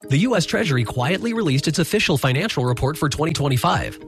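A man's voice: a little high, lively intonation, fast, creaky. A man reading a scripted radio ad in an urgent, persuasive way. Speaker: ad announcer. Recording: music bed behind voice.

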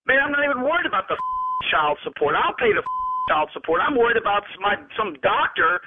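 A man's voice: high voice, big pitch swings, fairly quick. A man on a phone call who stammers and sounds exasperated and disbelieving. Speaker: prank call target. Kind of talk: phone conversation.

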